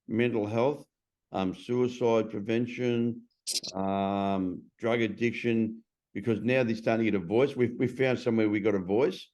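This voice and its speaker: A man's voice: fairly low pitch, steady tone, measured pace, darkish tone, lo-fi sound. An Australian man hosting a casual podcast chat, telling blunt stories with some swearing.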